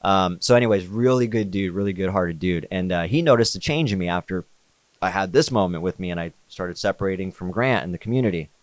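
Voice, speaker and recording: Talking fast in a low voice with no echo, a podcast guest spins a story in relaxed slang. He keeps dropping "like" and "dude" throughout.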